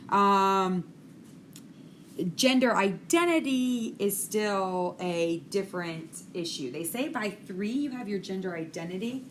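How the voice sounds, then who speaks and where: A middle-aged woman instructor talks through a recorded lecture in a frank, conversational way, full of small fillers. Her voice sits at an ordinary pitch, with a faint noise behind it. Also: takes it slowly. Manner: frank, chatty, with many fillers. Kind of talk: recorded lecture on child development.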